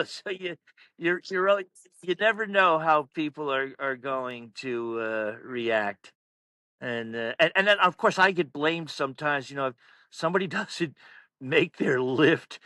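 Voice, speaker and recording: A man, a powerlifting meet announcer, telling stories in casual chat, animated and laughing often. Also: a little high, unhurried, no room sound. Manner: animated, laughs through stories, acts out quotes loudly. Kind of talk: casual storytelling.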